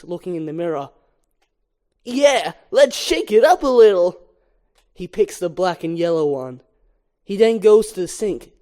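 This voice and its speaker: A reader reading a film script aloud, reciting stage directions and scene headings. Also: medium pitch. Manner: flat stage-direction reading, lively swings.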